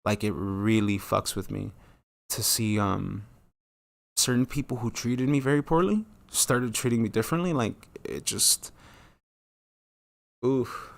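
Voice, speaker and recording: A gravelly-voiced man in his thirties hosts a solo talk channel, speaking a little slowly with long pauses. His casual monologue rambles, is full of profanity, and wanders off track, and his voice jumps suddenly high as he acts out quoted lines.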